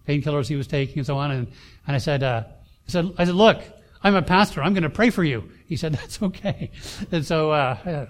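A middle-aged man, a pastor, telling a personal story in a sermon, halting with many fillers and restarts. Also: mid-range voice, darkish tone, slight background noise.

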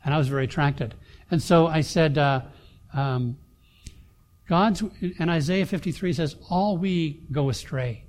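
A middle-aged man, a pastor, telling a personal story in a sermon, halting with many fillers and restarts. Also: fairly high pitch, a little mellow.

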